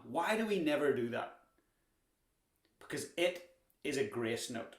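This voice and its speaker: A man's voice: on the high side, lively intonation, measured pace, long pauses. A young man teaching a drumming lesson, chatty and encouraging, with the odd dad joke. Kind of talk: instructional lesson. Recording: echoey room with clear background noise.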